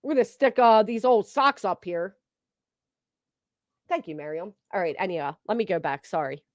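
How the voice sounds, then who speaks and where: A woman's voice: mid-range voice, normal speed, dry recording, clean studio sound. A woman giving casual reaction commentary on a stream, mocking and sarcastic, swearing freely.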